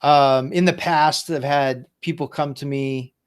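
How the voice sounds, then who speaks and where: Male podcast host, martial arts coach, calm and measured, slightly high pitch. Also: smooth. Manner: calm, brief questions and agreeing replies. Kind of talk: casual interview.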